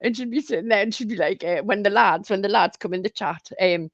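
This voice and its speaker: A woman's voice: medium pitch, quick pace, dry recording. A woman, co-hosting a livestream and telling gossipy stories full of swearing and laughter. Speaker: livestream co-host. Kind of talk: casual gossip chat. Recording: dull dry lo-fi stream audio.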